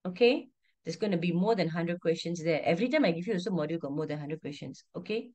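A woman's voice: fairly low pitch, fast talker, darkish tone. A woman teacher, teaching an online class over a video call, firmly repeating instructions and calling on pupils by name. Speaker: primary school teacher.

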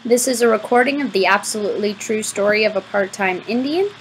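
A woman reading a novel aloud as an audiobook, giving the first-person narration a lively, expressive delivery. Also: mid-range voice, brisk, a little hiss or hum, rough recording. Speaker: audiobook reader.

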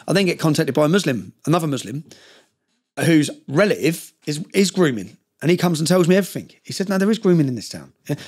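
A man telling a story as a guest on a podcast, rattling through it at a quick clip. His voice sits a little high for a man, and he drives each point home with emphatic tag questions. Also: darkish tone, breathy edge. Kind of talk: storytelling in a casual interview.

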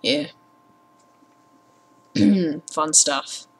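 A young woman with a low, husky voice talks extremely slowly, rambling casually as a gaming vlogger at her home computer. She's sarcastic and given to swearing and ranting, recorded on a computer mic with headphones.

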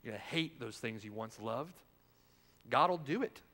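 A man preaching a sermon as pastor, firing rhetorical questions and swinging between loud emphasis and hushed lines. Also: medium pitch, animated, normal speed. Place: church sanctuary. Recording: long reverb of a church hall.

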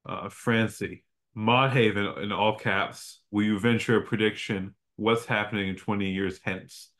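Low male moderator, relaxed, reads out audience questions. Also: measured pace. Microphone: video call.

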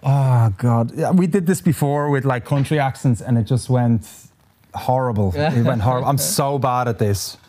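A man's voice: mid-range voice, normal speed, warm tone. A man hosting a casual live stream, chatting with guests and addressing the chat in a self-deprecating way. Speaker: host.

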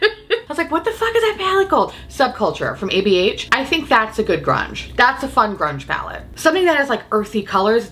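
Woman, beauty vlogger, casual makeup chat, bright voice, lively swinging pitch, giggly, swears a lot. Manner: profane, giggly, animated and opinionated. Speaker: beauty YouTuber.

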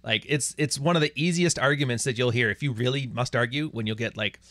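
A man's voice: medium pitch, quick pace, a bit bright, no room sound. Crude mouthy guy ranting on his stream, dry close sound, no room at all. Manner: blunt, crude and mocking; reads viewer super chats aloud. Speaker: livestream host. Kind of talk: profane livestream rant.

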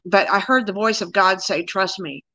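A woman's voice: medium pitch, fairly quick, sharp tone, no room sound, rough recording. A woman in her sixties, a guest plainly recounting her own experience in a casual interview.

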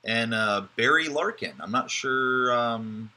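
A man's voice: mid-range voice, slow, pushed and bright. A man hosting a live card break, giving chatty, joking running commentary as he opens packs.

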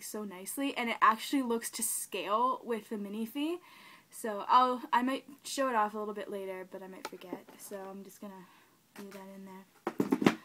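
Gushing young woman unboxing a doll. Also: a little high. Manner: gushing, excitable, talks to the doll. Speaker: doll collector vlogger. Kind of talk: casual unboxing chat. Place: room at home, kneeling on the floor. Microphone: camera mic.

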